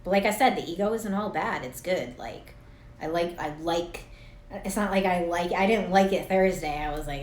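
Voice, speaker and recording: In an echoey room with a little hiss or hum, a woman in her thirties, a spiritual coach, addresses the camera directly in a loose, rambling way, swearing openly and laughing at herself. Her lowish voice has lively intonation at a normal pace.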